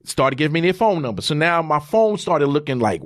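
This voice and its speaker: A man's voice: a little high, big pitch swings, fairly quick, fairly bright tone. A man testifying about his life in an interview, repeating and emphasizing phrases like a preacher. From New York. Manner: acts out God's and his son's voices. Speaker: interview guest. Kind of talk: testimonial storytelling.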